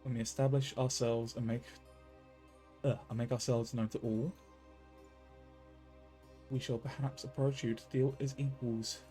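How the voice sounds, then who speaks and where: Casual male streamer, mellow mid voice, light music bed. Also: mid-range voice, little pitch movement, a little slow, pauses often. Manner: casual, offhand. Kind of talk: live game stream commentary.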